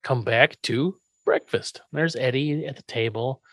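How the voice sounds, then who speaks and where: A podcast co-host recapping a TV episode in casual chat, a lively storyteller who swears freely. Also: medium pitch, a little slow, dry recording.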